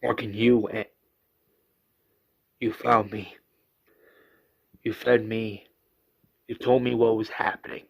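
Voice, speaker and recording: A man voicing a desperate male sheriff who pleads with an old friend, yelling in strained bursts. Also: medium pitch, a little slow, long pauses, close to an everyday voice. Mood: somber.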